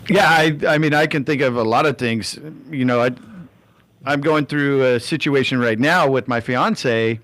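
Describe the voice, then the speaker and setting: A man's voice: medium pitch, moderate pace, a bit bright, no echo. A man co-hosting a radio talk show, sharing a personal story in an earnest way. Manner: earnest, personal, speaks from the heart. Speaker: radio co-host.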